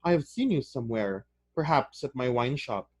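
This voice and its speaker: A man gives voice to a grim middle-aged wine-shop keeper in a storybook reading. He speaks in a calm, reserved, almost mechanical way. The sound is close and dry, in a middle register. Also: medium pitch, normal speed, no echo, close to an everyday voice.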